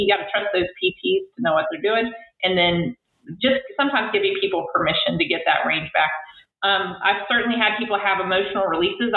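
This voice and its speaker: A woman's voice: fairly low pitch, reverberant, phone-quality sound. A woman physical therapist guest talking casually in an interview, full of fillers and restarts. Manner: chatty, many fillers and restarts.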